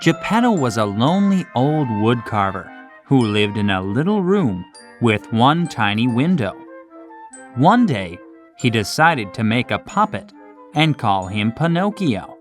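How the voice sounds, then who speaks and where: A woman narrating a children's storybook in a clear, slow, expressive reading style. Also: rumbling low, faint music behind.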